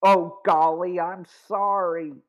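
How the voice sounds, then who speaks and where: A man's voice: sits high, level tone, takes it slowly, lo-fi sound. A man voicing a nervous, apologetic teenage boy in an audiobook. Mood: sheepish. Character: young male teen sidekick, jittery and apologetic.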